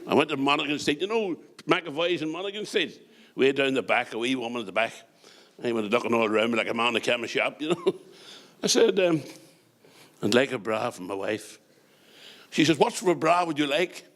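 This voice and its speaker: Doing stand-up in a Northern Irish accent, this middle-aged comedian and compere rattles off jokes with quick punchlines and chats to the audience between them. He speaks in an animated, medium-pitched, fairly bright voice.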